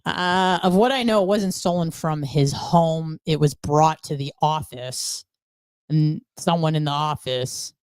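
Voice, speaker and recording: A woman's voice: low-pitched, unhurried, a little mellow, smooth, no room sound. A woman guest on a podcast, telling her story bluntly with frequent swearing. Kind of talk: candid conversational storytelling.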